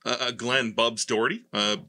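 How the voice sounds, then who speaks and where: A man hosting a podcast who talks casually and with energy, running through quick plugs and questions. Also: mid-range voice, fairly even intonation, pushed and bright. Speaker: podcast host.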